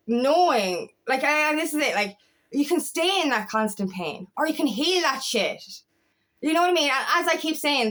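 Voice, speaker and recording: A young woman empowerment coach gives a fiery, impassioned motivational monologue, swearing often and repeating herself for emphasis. Her voice is a little high and fairly bright.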